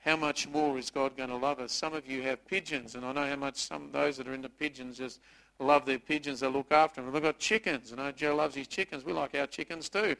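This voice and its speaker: Bright-voiced man preaching a sermon. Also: medium pitch, steady tone, a little fast, gravelly, rough recording. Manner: conversational preaching with jokes at the congregation. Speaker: pastor.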